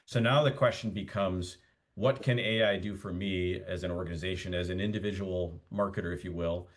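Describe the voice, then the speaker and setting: A middle-aged man talks eagerly on a video call and lays out strong opinions. His voice sits low and deep. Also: steady tone, fairly quick. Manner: enthusiastic, opinionated. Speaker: roundtable participant, marketer. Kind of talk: casual video call discussion.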